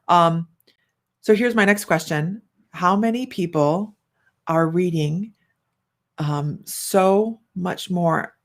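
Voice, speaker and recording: Gravelly-voiced woman hosting a livestream. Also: on the low side. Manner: chatty and rambling, many fillers and restarts. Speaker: psychic livestream host. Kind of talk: casual livestream chat reading viewer comments.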